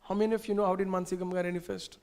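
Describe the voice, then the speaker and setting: A man, teaching a scripture class and telling stories in an animated way, asking the audience questions. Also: sits high, rapid-fire. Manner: animated, asks the audience questions, uses gestures. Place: temple hall. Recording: long reverb in a temple hall.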